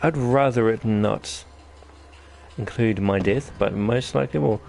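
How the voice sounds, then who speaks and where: A man's voice: fairly low pitch, a little slow, creaky, darkish tone, a little hiss or hum. A man with a New Zealand accent giving rambling, jokey let's-play commentary as host of his gaming channel. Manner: rambling, jokey, self-deprecating chatter.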